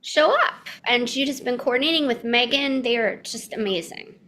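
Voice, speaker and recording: A woman running an improv game on a video call, bubbly and excitable. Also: a little high, moderate pace. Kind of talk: lively online improv show chat.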